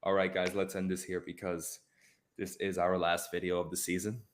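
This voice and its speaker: A man hosting a casual film podcast, animated and repeating phrases for emphasis. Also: sits low, normal speed. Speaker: podcast host. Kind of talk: casual chat.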